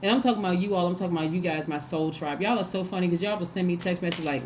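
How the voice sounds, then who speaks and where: A woman with a lowish, darkish voice talks very fast while giving a casual tarot reading, speaking emphatically and acting out little quoted exchanges. There's a little hiss or hum.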